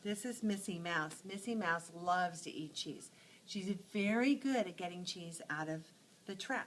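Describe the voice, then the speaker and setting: A woman teacher telling short animal stories to teach letter sounds, acting out each sound with lively expression. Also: medium pitch, normal speed, slight background noise, low-quality recording. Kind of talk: phonics lesson storytelling.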